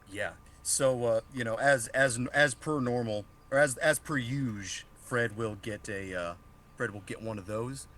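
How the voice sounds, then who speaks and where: A man's voice: medium pitch, unhurried, a bit bright, a little hiss or hum. A man co-hosting a podcast in a loose, joking chat, often laughing and restarting his sentences. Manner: loose and joking, swears freely. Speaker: podcast co-host. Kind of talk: casual chat.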